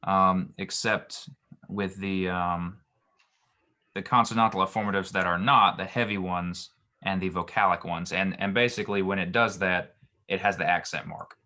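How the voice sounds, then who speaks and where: A man's voice: low-pitched, steady tone, moderate pace, bright, forceful tone. A man teaching a Hebrew grammar lesson, explaining patiently with frequent ums and restarts.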